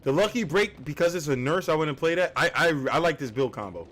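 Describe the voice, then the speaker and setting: A man's voice: fairly high pitch, very animated, a little fast, a bit bright. A man hosting a livestreamed game tournament, explaining the rules with joking asides. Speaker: tournament host and caster.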